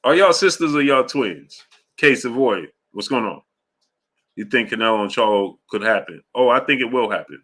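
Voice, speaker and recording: A man hosting a casual boxing livestream, rambling loosely between fan shout-outs and fight talk. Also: mid-range voice, animated, moderate pace. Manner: loose, rambling, drifts off track. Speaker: host of a live boxing show. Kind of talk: casual livestream chat reading super chats.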